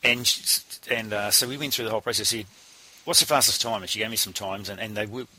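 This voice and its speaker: Cast a rapid-fire, sharp-voiced New man in his forties, a blunt swearing coach. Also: fairly low pitch, steady tone. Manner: blunt, salty storyteller, swears freely. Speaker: cycling coach. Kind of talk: casual anecdote in conversation.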